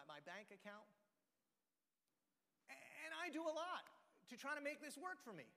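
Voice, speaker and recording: A man preaching a sermon as pastor, telling stories in an animated way with self-deprecating asides. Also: very high voice, normal speed, pauses often. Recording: long hall reverb.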